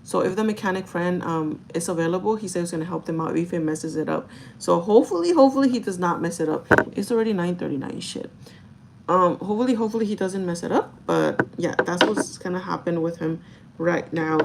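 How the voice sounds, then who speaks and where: A woman's voice: on the low side, creaky, very noisy. A young woman chatting candidly to camera in a storytime vlog, emotional and laughing often, swearing casually. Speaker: vlogger.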